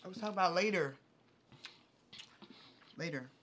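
A woman's voice: on the low side, normal speed, a bit bright. A woman in a casual mukbang video, coaxing and reassuring her husband. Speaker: vlogger, wife. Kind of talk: casual prank during a mukbang.

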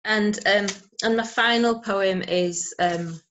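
A woman giving a measured, even poetry reading over a video call, with hesitant fillers between poems. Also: medium pitch, highs cut off, a little hiss or hum. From Yorkshire, England. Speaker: poet.

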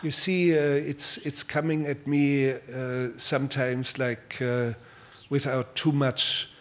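An older man from Germany with a German accent, answering audience questions at a public talk in a measured way, full of pauses and repeated words. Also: medium pitch, flat delivery, a bit bright.

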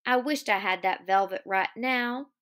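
A woman's voice: mid-range voice, a little slow, a bit bright, lightly acted. A woman reading aloud as a simple-minded, earnest farmhand man with a childlike, pleading manner. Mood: eager.

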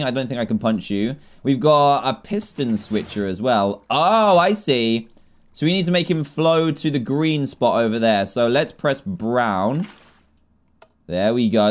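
Excitable young man playing a game. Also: medium pitch. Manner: excitable, jokey, often laughing and yelling. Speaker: gaming video creator. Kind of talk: Minecraft let's play commentary.

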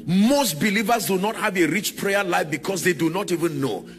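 A man's voice: sits high, moderate pace, faint music behind. A man preaching a sermon to a congregation, drawing responses from them and sliding into sung, chanted phrases. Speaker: pastor.

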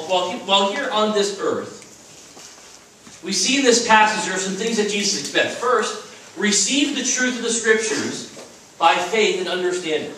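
A man's voice: high-pitched, sharp tone, slight background noise. A man preaching an earnest, emphatic sermon as a chapel speaker at a Christian school. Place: chapel at a retreat. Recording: echoey room from far off.

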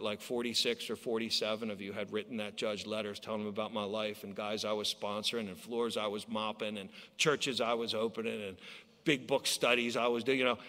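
A man's voice: mid-range voice, sharp tone. Man telling a recovery story in a hall. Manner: storytelling, acts out quoted voices. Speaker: AA speaker. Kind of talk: recovery talk at a conference. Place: conference hall. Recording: long hall reverb.

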